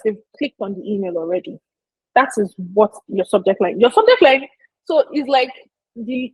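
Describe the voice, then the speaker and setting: A woman's voice: mid-range voice, a little mellow, slightly rough, no room sound, rough recording. A woman giving an informal marketing lesson, chatty and emphatic, speaking straight to her listeners. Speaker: business marketing presenter. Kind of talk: informal teaching talk.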